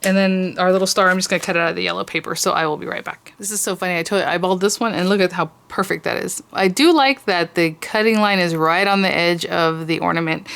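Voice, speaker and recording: Chatty woman with a gravelly low voice. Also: fast talker, few pauses, a bit bright. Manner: chatty, gushing over cute details. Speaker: craft tutorial host. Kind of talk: casual crafting tutorial.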